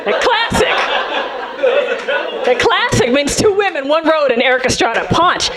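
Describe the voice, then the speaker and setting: A woman from South Central Los Angeles performing a sassy, animated stand-up set, jumping into character voices. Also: high-pitched, brisk, a loud crowd. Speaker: stand-up comedian. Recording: live club set with loud audience laughter. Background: audience laughing.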